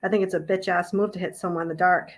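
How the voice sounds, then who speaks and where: A woman's voice: on the low side, steady tone, quick pace, poor audio. A woman on a casual live stream at home, blunt and sweary, chatting with her viewers and her dogs, a little out of breath. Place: home, indoors.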